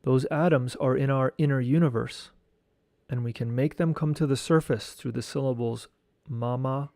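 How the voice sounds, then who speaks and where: A man teaching esoteric studies, reading a lecture text aloud in a slow, measured way and chanting mantra syllables. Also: mid-range voice, steady tone, vocal fry, a little mellow, no room sound, clean studio sound.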